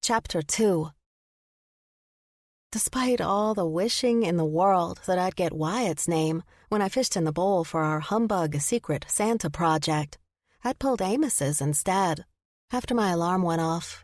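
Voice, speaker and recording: A woman narrating a first-person romance audiobook in an even storytelling manner. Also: fairly low pitch, no echo, studio quality.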